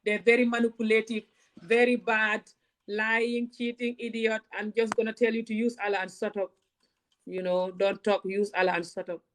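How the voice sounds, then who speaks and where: A woman's voice: on the high side, little pitch movement, normal speed. Fiery woman. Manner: passionate, confrontational, many rhetorical questions. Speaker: vlogger. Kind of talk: direct-to-camera rant.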